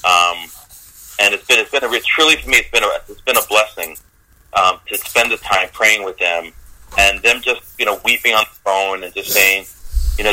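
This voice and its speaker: Man, radio guest, lowish voice, very bright tone, earnest and halting, phone-line sound. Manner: earnest, halting, many fillers. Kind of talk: casual interview chat.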